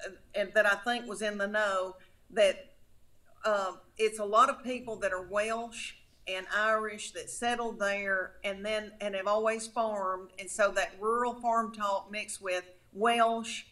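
A woman's voice: mid-range voice, unhurried. A woman in her fifties from Middle Tennessee with a thick rural drawl, chatting in a folksy, storytelling way as a comedian guest. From Middle Tennessee, USA. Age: 50s. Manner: storytelling, folksy, animated, calls people honey. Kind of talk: casual chat.

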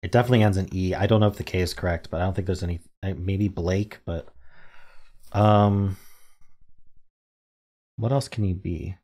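A man's voice: low voice, steady tone, moderate pace, long pauses, dark tone. A young man casually thinking aloud while playing word puzzles, muttering guesses and mock-dramatically groaning at his mistakes. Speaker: word game streamer.

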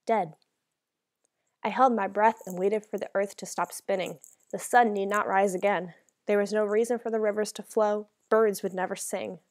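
A woman's voice: mid-range voice, steady tone, moderate pace. Woman reading a novel aloud. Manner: dramatic, emotional reading. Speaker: audiobook narrator. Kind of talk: first-person novel narration.

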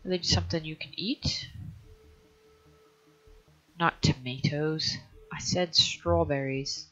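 A woman's voice: deep voice, sing-song, takes it slowly, sharp tone. A woman hosting a let's play, thinking aloud in a hesitant way and often trailing off mid-sentence. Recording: dull lo-fi recording.

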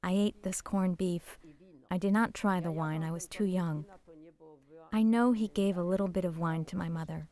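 An older woman whose first language is Polish, giving a halting, emotional personal testimony as a survivor. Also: fairly low pitch, fairly even intonation, dark tone. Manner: emotional, halting storytelling, repeating words.

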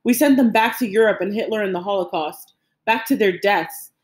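An old Cuban grandfather, haunted by his past, speaks with grief and earnest resolve, as a woman reading an audiobook gives him voice. The voice sits at a middle pitch. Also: brisk, echoey room, natural voice. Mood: anguished. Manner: earnest, pleading, grief-stricken.

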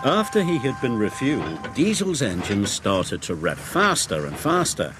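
A man's voice: mid-range voice, a little slow, hardly any pauses. A man reading a children's storybook aloud as narrator, with music behind. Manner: expressive.

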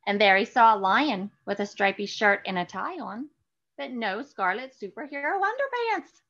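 A woman children's librarian reading picture books aloud for a virtual story time and leading an action song, animated and exclaiming to children. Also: on the high side, moderate pace, muffled recording.

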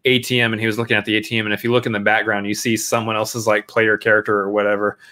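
Easygoing male podcast co-host. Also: on the low side. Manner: relaxed, enthusiastic, drawn-out storytelling with fillers. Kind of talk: casual chat.

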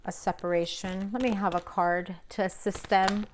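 A woman's voice: mid-range voice, fairly even intonation, moderate pace, background noise. A young woman giving a casual, blunt tarot reading to camera, emphatic and chatty with plenty of fillers. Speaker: tarot reader.

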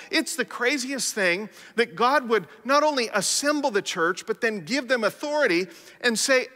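A man's voice: very high voice, expressive, moderate pace, bright, forceful tone, long reverb tail. A man preaching a sermon as pastor, impassioned, building force through repeated declarations.

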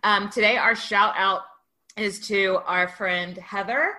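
A woman's voice: medium pitch, takes it slowly, pushed and bright. A woman co-hosting a podcast, chatting casually and laughing often. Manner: chatty and giggly. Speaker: podcast co-host. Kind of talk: casual chat.

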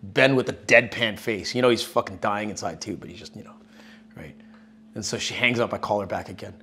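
A musician telling stories in a casual interview, rambling and profane, with lots of fillers. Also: male voice, lowish voice, fairly quick, fairly bright tone, breathy edge. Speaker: musician guest.

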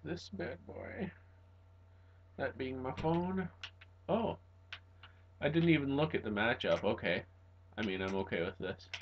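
A man giving casual commentary while playing a fighting game, muttering to himself and breaking into excited shouts. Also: medium pitch, normal speed, pauses often, dull audio, a little hiss or hum.

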